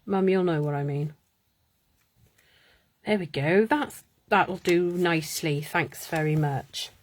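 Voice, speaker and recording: Speaking slowly in a lowish voice, this woman runs a live card-making stream, chatting, muttering under her breath and laughing as she crafts.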